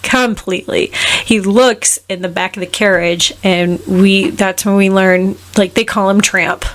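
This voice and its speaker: A woman co-hosting a podcast, retelling a film's plot in casual chat and dropping into quick quoted voices for the characters. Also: medium pitch, fairly even intonation, fairly bright tone. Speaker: podcast co-host. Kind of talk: casual film recap chat.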